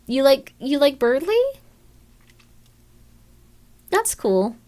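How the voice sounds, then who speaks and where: Casting: fairly high-voiced woman streamer, rambling and upbeat, fillers galore, squeals into excited mock voices. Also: a little slow. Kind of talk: casual chat with viewers.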